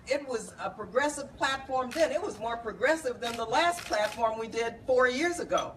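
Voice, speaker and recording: A woman, a congresswoman hosting a reception, speaking conversationally with wry laughs, recorded from a distance. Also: medium pitch. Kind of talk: speech introducing speakers. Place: bar reception room, indoors. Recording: distant camera with background noise.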